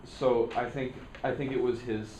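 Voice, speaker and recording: A man's voice: medium pitch, fairly even intonation, moderate pace, warm tone, slight background noise. A male student explaining his view in a classroom discussion, thinking aloud and searching for words. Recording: echoey classroom audio.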